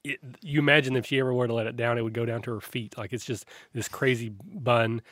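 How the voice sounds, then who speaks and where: A man narrating a tabletop role-playing game as game master, describing scenes in a relaxed, rambling way. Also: medium pitch, fast talker, no echo, studio quality. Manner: descriptive, relaxed, with frequent restarts.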